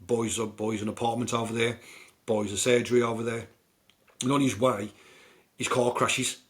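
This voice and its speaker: A medium-pitched British voice, flat and at normal speed, belongs to a podcast host recapping films. He's loose and chatty, rambling on with plenty of fillers as he tells the stories in this casual film talk.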